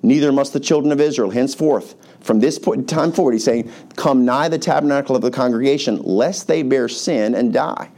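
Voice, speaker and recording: A pastor preaching a sermon to his congregation, who tells the story in a lively, casual way and acts out the characters' voices. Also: medium pitch, brisk, few pauses. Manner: animated, colloquial storytelling with acted-out voices.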